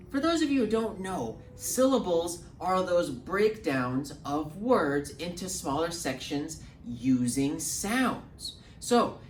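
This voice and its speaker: A man leading a children's storytime lesson as a librarian, encouraging and animated, talking slowly and clearly for little ones. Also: a little high. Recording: roomy, distant mic, faint hum.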